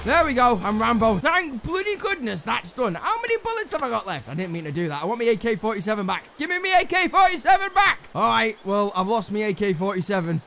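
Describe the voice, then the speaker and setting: Excitable English man commentating gameplay. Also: sits high, fast talker, vocal fry, few pauses, slight background noise. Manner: excitable, swearing, joking to himself. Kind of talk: let's play commentary. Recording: game music loud behind voice.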